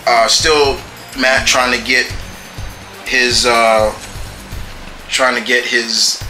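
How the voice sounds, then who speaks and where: Slow-talking man with a bright, sharp voice. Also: medium pitch, echoey room, poor audio. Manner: halting, repeats and restarts phrases. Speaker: comic book reviewer. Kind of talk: casual video review.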